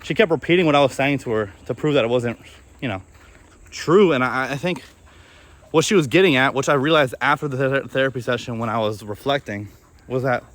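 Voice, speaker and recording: A young man talking candidly in a personal vlog, in a flat, halting way with many restarts as he reflects on himself. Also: medium pitch. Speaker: video creator.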